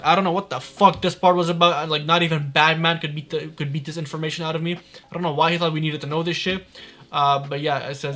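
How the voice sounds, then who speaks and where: A man talks through online drama in a casual commentary, blunt and full of swearing. His voice is bright and sits a little high. He speaks in quick bursts. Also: level tone. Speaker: commentary youtuber.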